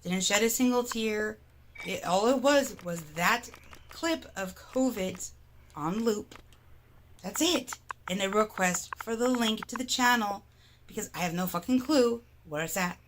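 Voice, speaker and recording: A woman's voice: mid-range voice, expressive, a little slow, slight background noise. Exasperated woman ranting on stream. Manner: exasperated, heavily profane ranting. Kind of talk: livestream rant.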